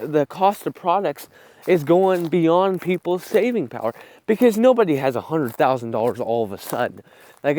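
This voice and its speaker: A man's voice: fairly high pitch, a little mellow. A young man filming a casual vlog outdoors on a phone while walking his farm fields, rambling bluntly with profanity and short of breath. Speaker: vlogger. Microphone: phone camera.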